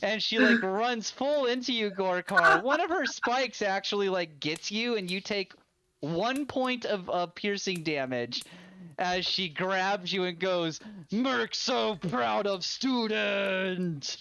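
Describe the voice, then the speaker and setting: A game master describing a fantasy scene at an unhurried pace. The narration circles back and rephrases as it goes, in an easy, loose way. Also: medium pitch, lively intonation, bright, forceful tone. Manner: narrates with many fillers and restarts.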